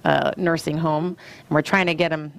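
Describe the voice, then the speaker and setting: A woman's voice: sits low, level tone, moderate pace, creaky. A woman guest in a casual chat, talking earnestly and from the heart.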